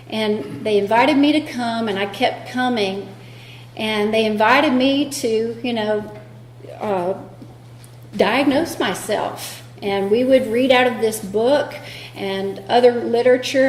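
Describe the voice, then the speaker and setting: A woman shares her recovery story at a meeting, candid and self-deprecating as she acts out what others said. Her voice sits a little high. The sound carries the echo of a roomy hall with a faint hum underneath. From North Carolina. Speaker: AA speaker. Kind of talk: personal recovery talk.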